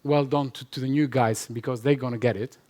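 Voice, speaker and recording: A man's voice: medium pitch, steady tone, fairly quick, darkish tone. Emphatic man on stage. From Albania. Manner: emphatic, repetitive, laughs often. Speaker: conference speaker. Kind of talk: conference talk and Q&A. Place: conference hall with live audience.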